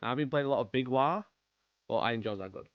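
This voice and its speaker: A man's voice: mid-range voice, quick pace, no room sound, lo-fi sound. Chatty British man hosting a live stream. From United Kingdom. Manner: chatty, jokey, greets chat by name. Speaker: livestream host painting miniatures. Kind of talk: casual live-stream chat.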